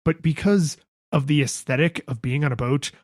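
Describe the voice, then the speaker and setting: A man's voice: on the high side, normal speed, no room sound, clean studio sound. A man co-hosting a podcast, telling stories in a casual chat and acting out voices when he quotes. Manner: animated storytelling, acts out voices in quotes. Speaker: podcast co-host.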